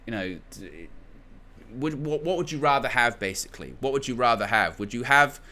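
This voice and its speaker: Bright-voiced man rambling through football opinions. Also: medium pitch, expressive, moderate pace. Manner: rambling, frequent restarts and filler words. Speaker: football channel host. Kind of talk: casual opinion commentary.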